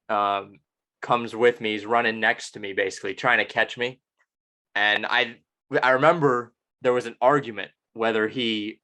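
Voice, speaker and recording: A man's voice: fairly low pitch, sharp tone. A young man hosting a podcast, rambling and self-deprecating in casual chat. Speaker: podcast host.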